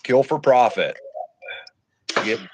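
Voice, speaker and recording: A man in a casual chat, rambling haltingly through loose ideas with many fillers. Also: medium pitch, lively intonation, noisy background.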